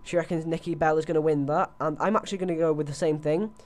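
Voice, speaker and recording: Young guy rambling on a headset, voice sits a bit high, lots of ums and restarts. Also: fairly even intonation, fast. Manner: rambling, chatty, many fillers and restarts. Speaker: host. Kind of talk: casual wrestling predictions chat.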